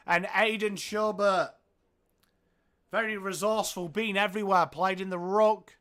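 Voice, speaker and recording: A man with an English accent calls the game live and chats with his stream viewers as he goes. His voice sits high, and his delivery is casual and talkative, rising when a goal goes in. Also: unhurried, clean tone. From England. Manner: chatty, reads viewer comments aloud, gets excited at goals. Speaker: livestream watchalong host. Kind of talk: live commentary and chat with viewers.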